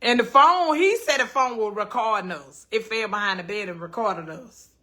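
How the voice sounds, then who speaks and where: A woman's voice: fairly high pitch, moderate pace, bright, forceful tone. A woman in her fifties who hosts a casual livestream from home, telling stories animatedly, swearing freely and reading out viewer comments. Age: 50s. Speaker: livestream host.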